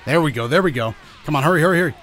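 A young man giving live commentary over his own fighting-game match, anxious and pleading with himself, his pitch jumping up and down. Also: expressive, very fast, fairly bright tone. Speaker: gaming channel host. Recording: faint music behind.

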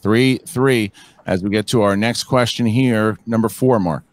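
Slow, low-voiced male quizmaster. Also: no echo. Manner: measured, counting down slowly. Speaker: quizmaster reading questions. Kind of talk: reading trivia questions and countdowns.

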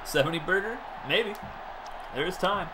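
A man casually commenting on his own football video game, bursting into loud shouts at big plays. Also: high voice, moderate pace, noisy background. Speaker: gaming YouTuber. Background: game music.

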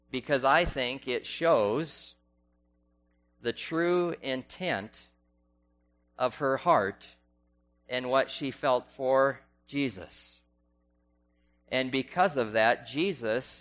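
A man preaching at a middle pitch, with faint music in the background. He keeps turning to his congregation with rhetorical questions and slows down to read passages aloud with care. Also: a bit bright. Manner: reads scripture and quotations aloud slowly. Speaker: pastor. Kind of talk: sermon.

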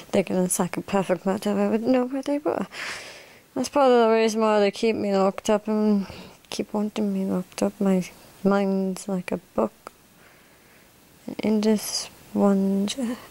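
A woman voicing a smug male cannibal mastermind in an amateur role-play monologue, slipping into soft whispers. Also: mid-range voice, steady tone, creaky. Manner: slow, drifting into soft whispers.

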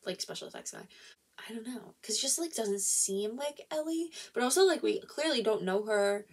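A woman's voice: on the high side, expressive, moderate pace, breathy edge. A woman giving a casual spoiler-filled book review, rambling and thinking aloud, filling nearly every phrase with "like" and often restarting her sentences.

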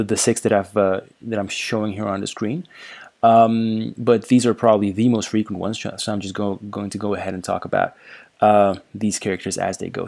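Low gravelly-voiced man giving a lecture. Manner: relaxed, with many fillers and repeated words. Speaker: language teacher. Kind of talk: casual lecture over slides.

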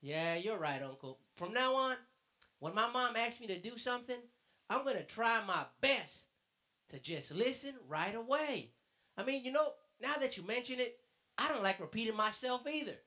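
A man's voice: very high voice, lively intonation, moderate pace, pushed and bright, heavily acted. A man voicing an eager young nephew who earnestly agrees with his uncle in a church lesson skit.

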